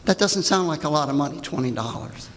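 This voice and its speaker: An older man with a gravelly voice, reading a pointed, indignant prepared comment at a public hearing. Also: a little high, lively intonation, a little fast, a bit bright, a little hiss or hum. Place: large hall. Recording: reverberant hall.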